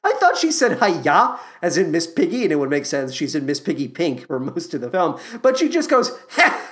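A woman's voice: low voice, very animated, a little fast. A woman hosting a podcast, giving sarcastic, profane commentary on a movie with exaggerated asides. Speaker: podcast host.

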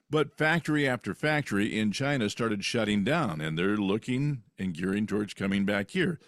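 A man hosting a political talk show, forceful, with a lot of "you know" between points. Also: fairly low pitch, animated, normal speed, few pauses, no echo, clean studio sound.

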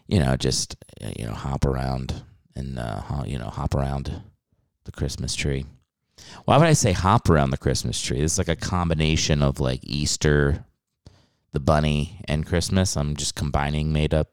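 A man's voice: rumbling low, smooth, dry recording. A young man hosting his podcast in a casual, rambling, jokey and profane way, speaking close to the mic. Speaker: podcast host. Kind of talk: casual solo podcast chat.

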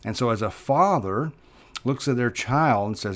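A man preaching a sermon as pastor, talking earnestly, pressing points with sudden loud stresses and then dropping low and soft. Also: lively intonation, unhurried.

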